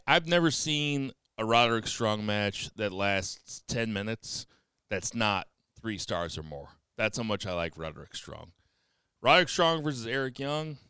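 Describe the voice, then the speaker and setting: A man's voice: mid-range voice, sharp tone, clean tone, no echo, clean studio sound. A man hosting a casual podcast, chatting and joking with his co-hosts. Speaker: podcast host.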